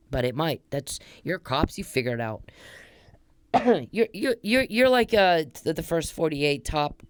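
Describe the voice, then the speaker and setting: A woman's voice: low-pitched, clear, resonant tone, no room sound. A woman hosting a podcast in a casual monologue, talking bluntly and heatedly, swearing often and repeating herself for emphasis. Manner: blunt, profane, heated and repetitive. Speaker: podcast host.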